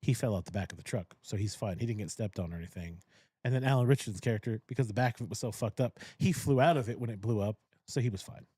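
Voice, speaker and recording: A man's voice: lowish voice, fast, mellow, breathy edge, no room sound, studio quality. A man hosting a podcast, animatedly retelling a movie plot in casual chat, swearing freely and laughing often. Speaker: podcast host. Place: cigar lounge podcast studio.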